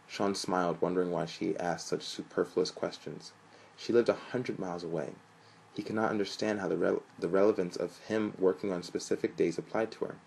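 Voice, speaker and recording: A young man reading a story aloud in an even, flat manner, lifting his voice for quoted lines. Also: low voice, fairly quick, gravelly, a little hiss or hum, low-quality recording. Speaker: narrator.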